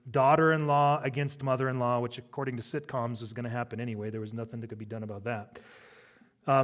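A man's voice: medium pitch, a bit bright. A middle-aged man preaching a sermon, conversational, with humorous asides. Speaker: pastor.

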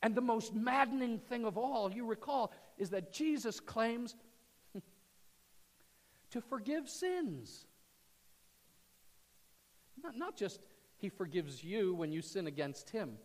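A man preaching a sermon to his church, swinging from loud emphasis to hushed near-whispers. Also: high voice, expressive, takes it slowly, pauses often, in a large hall. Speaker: pastor. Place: church sanctuary.

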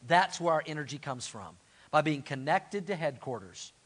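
Animated high-voiced male pastor preaching. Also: moderate pace. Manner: animated, call-and-response with congregation. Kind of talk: sermon.

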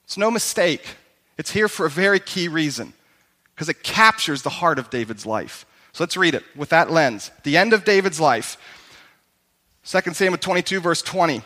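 A man's voice: sits high, lively intonation, normal speed, pauses often, sharp tone, long reverb tail. A male pastor preaching a sermon in a conversational storytelling way, calling on the congregation to respond.

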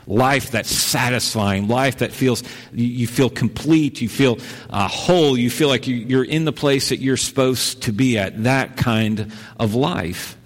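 A man preaching a sermon as a pastor, in a relaxed, conversational way, often repeating and restarting his phrases. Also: mid-range voice, unhurried, big-room sound.

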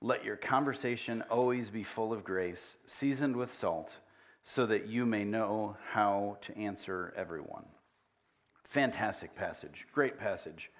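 Male pastor, middle-aged, relaxed conversational sermon delivery, quizzing the congregation. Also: lowish voice, a little slow. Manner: conversational, asks the congregation questions. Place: church.

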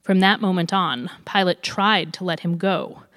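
A woman reading a long scripture passage aloud in clear, even narration. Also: lowish voice, unhurried. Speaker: scripture reader. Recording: long hall reverb.

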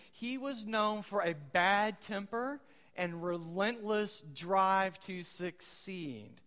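A man with a notably high voice preaches a sermon in a relaxed, conversational way, asking his congregation questions and dropping quoted one-liners. His words ring out with a long reverb from a large church hall. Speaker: pastor.

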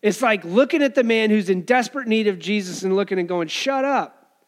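A man's voice: high voice, quick pace. A pastor preaching a conversational sermon to his church, acting out voices from the story. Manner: conversational preaching, acts out crowd and beggar voices.

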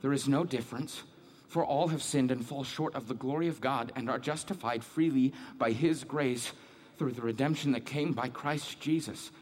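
A man's voice: medium pitch, normal speed, a little mellow, natural voice. An actor playing a devout, troubled man who reads scripture aloud and keeps questioning his own guilt and faith. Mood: yearning. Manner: questioning, searching, self-doubting. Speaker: man reading scripture alone. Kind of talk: dramatic monologue.

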